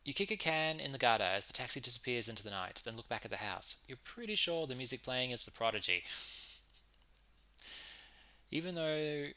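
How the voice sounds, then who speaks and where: A man's voice: mid-range voice, expressive, brisk, pauses often, sharp tone, low-quality recording. A man playing through a narrative game, reading the text aloud and breaking off for chatty asides. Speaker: let's play streamer. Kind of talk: reading a visual novel aloud with commentary.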